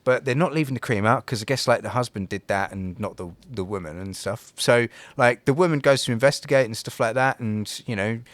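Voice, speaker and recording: On a casual podcast, a male co-host wanders through a folk tale, peppering it with fillers, false starts, and curse words. He speaks briskly in a mid-range voice with few pauses, and the recording is dry.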